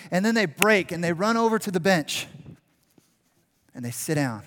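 A man preaches from the pulpit, animated and acting out what a crowd would shout at the players. His voice sits somewhat high for a man. The sound carries a long reverb from the large church sanctuary. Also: moderate pace, pauses often, slight background noise. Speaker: pastor. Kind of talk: sermon.

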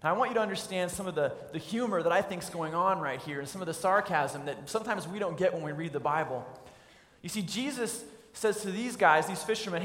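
A man's voice: high-pitched, brisk, a bit bright. A man preaching a sermon as pastor, telling a scene vividly for his listeners. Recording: echoey hall with long reverb.

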